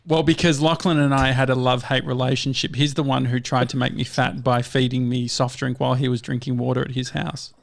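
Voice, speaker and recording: A man's voice: mid-range voice, flat delivery, fairly quick, vocal fry, hardly any pauses, no echo. An Australian man co-hosting a podcast, telling rambling stories in casual chat with plenty of fillers. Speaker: podcast co-host.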